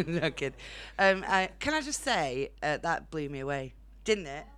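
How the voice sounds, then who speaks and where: Young Northern English woman, low-pitched, blunt stand-up delivery in a comedy club. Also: very animated, a little slow, a bit bright, clean tone. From Northern England. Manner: blunt, chatty, laughs at own jokes. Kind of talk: stand-up set.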